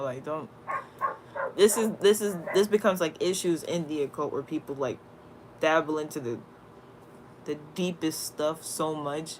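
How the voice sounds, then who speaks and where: A woman in a casual, slang-filled spiritual talk, rambling and animated as she tells stories. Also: low voice, a little hiss or hum. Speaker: spiritual content creator.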